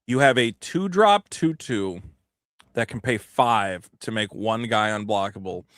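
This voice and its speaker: A man co-hosting a podcast, ranting with animated, profane energy and quoting other players in put-on voices. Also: lowish voice, measured pace, dry recording, clean studio sound. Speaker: podcast co-host. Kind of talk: casual podcast chat.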